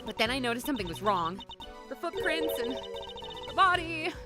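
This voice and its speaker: A woman voicing a timid, nervous female crew member who speaks low and shaken, over loud game music. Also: very animated, moderate pace. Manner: stammering, shaken.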